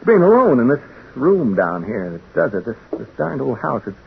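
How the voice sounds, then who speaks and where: An actor playing a nervous, chatty radio announcer who stammers and rambles, in a 1940s radio drama. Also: male voice, mid-range voice, very animated, normal speed, gravelly, slight background noise. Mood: uneasy. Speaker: radio announcer in a haunted house. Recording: tinny old 1940s radio broadcast.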